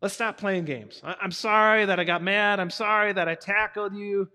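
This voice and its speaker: A man's voice: high-pitched, normal speed, pushed and bright, clean tone. A man acting out a jealous, angry older brother who pleads and then turns defensive, in an echoey hall. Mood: pleading.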